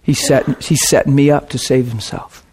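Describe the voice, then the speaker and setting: A man preaching a sermon, telling a story in a folksy, animated way and slipping into the voices of the people he quotes. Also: medium pitch, normal speed, breathy edge.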